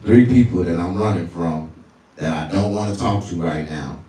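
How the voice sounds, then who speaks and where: A male stand-up comedian telling crude stories, often jumping into falsetto. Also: moderate pace, dark tone, heavy reverb, far from the mic. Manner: crude, storytelling, swings into falsetto.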